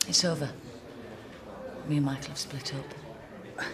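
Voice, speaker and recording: A woman's voice: very deep voice, slow, crowd noise, exaggerated voice. An actress playing a woman who pleads earnestly with her husband in prison. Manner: earnest, pleading, often hushed.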